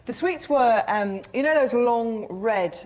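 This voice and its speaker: A woman's voice: on the high side, expressive, slow pace, a little mellow. A woman on a panel show, telling her story hesitantly with many fillers.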